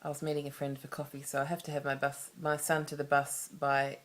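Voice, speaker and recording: A low-voiced Australian woman vlogs confessionally to the camera about personal matters, speaking in a monotone and a little fast. She rambles openly, often starting sentences over and wandering back through asides.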